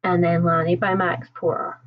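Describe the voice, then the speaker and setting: A woman with a softened Scottish accent hosting a casual book livestream, chatting warmly with viewers, reading out their comments and laughing often. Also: fairly low pitch, level tone, moderate pace, highs cut off, a little hiss or hum. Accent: Scottish, toned down. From Scotland. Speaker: book channel host.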